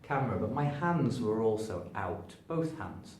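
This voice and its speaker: 英語の発音を教える男性、低めの声、反響する部屋. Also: male voice, measured pace. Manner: demonstrates stress by stretching words, lively shifts in pitch. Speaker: English pronunciation teacher. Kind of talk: spoken English lesson to camera. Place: room standing before a sign. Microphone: camera at a distance, moving toward and away from it. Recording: echoey room, voice from a distance, faint background noise.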